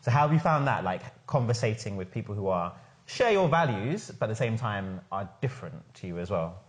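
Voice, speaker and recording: A man's voice: lowish voice, sing-song, brisk. A man hosting a casual podcast discussion, talking enthusiastically in a chatty way with lots of "like". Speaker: podcast host and founder.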